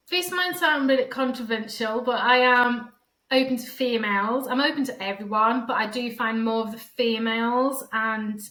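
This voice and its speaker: A bright, lively-toned middle-aged woman talks in a loose, rambling way, slipping into quick imitations of other voices. Her voice sits fairly high. The room around her echoes. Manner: chatty, rambling, fond of "sort of thing", acts out quoted voices. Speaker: podcast guest, feng shui and decluttering coach. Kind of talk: casual interview chat.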